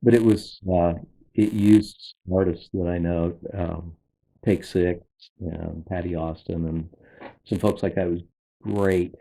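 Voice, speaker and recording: Deep-voiced pastor telling a story. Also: male voice, steady tone, gravelly, dark tone, poor audio. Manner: measured, explains as he goes. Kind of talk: casual storytelling.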